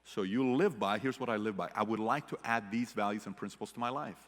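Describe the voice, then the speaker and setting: A man from the Middle East giving a motivational keynote speech to a live audience, telling stories animatedly and swinging from hushed to loud. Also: fairly low pitch, fast talker. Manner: animated storyteller, shifts from hushed to shouting. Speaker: keynote speaker. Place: large hall with audience. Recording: long hall reverb.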